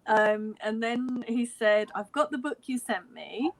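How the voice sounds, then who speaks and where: Her voice a little high and her delivery slow, a London woman in her forties, appearing as a fan guest, recounts a story on a video call. The retelling is casual and animated, with quoted lines and frequent laughter.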